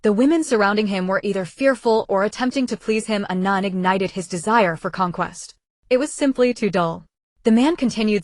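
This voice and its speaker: A woman reads a web-novel audiobook at a steady, even pace. Her voice sits in a middle pitch and is recorded close, dry and without room echo. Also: fairly quick. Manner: even, steady reading of a translated web novel, with slips in pronouns. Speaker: narrator. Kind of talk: scripted audiobook narration.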